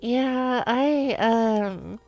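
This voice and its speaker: A woman's voice: a little high, extremely slow, a little mellow, faint music behind. A woman streamer chatting casually on a live stream, rambling, giggling often and restarting her sentences.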